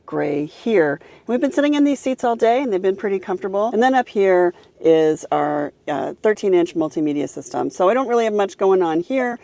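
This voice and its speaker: A woman's voice: mid-range voice, animated, a little fast, creaky, hardly any pauses, dark tone, dry recording. A woman reviewing a car, walking through its features one by one in an upbeat, casual way. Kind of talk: casual car interior walkthrough.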